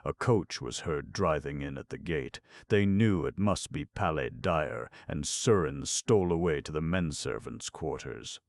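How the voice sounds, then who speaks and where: A man narrating a classic novel as an audiobook, in steady storytelling, lifting his voice for the characters' speech. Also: measured pace, vocal fry, hardly any pauses, dry recording. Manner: steady storytelling, raises pitch and volume for quoted characters.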